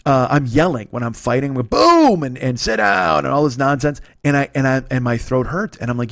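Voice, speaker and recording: A man in his forties hosting a podcast, rambling through a profane, self-mocking comedy monologue while sick, his voice a bit hoarse and sniffly. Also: mid-range voice, animated, fairly quick, few pauses, a bit bright, no echo, clean studio sound. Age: 40s. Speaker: podcast host.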